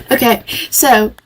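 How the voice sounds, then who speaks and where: Young woman streamer, put-on Southern drawl, high voice, rambling chatty gameplay talk. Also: rough recording. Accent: put-on Southern US country accent. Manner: rambling, chatty, easily sidetracked. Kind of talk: live gameplay chat. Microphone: desk microphone.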